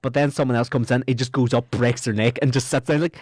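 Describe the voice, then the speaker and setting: A man co-hosting a podcast, chatting casually and jumping into squeaky joke voices. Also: fast. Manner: animated, breaks into squeaky voices for jokes. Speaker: podcast co-host. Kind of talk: casual chat.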